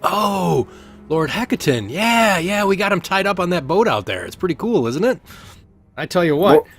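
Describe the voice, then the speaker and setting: A high, bouncy voice for a pushy, overly friendly sailor who keeps hurrying people along, as a man puts him on. He sounds cheery and chatty in a tabletop game, with soft background music under him. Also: very animated, moderate pace, full character voice. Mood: jovial. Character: eager, chatty male sailor recruiter.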